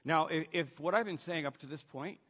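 A man preaching a sermon, shifting between hushed, intimate lines and loud, emphatic ones. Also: a little high, brisk, husky. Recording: dull sound with long hall reverb.

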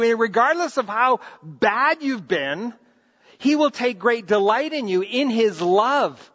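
A middle-aged man preaching a sermon as a pastor, earnest and animated, often restarting his phrases. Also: extremely high pitch, takes it slowly. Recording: reverberant hall, muffled lo-fi sound.

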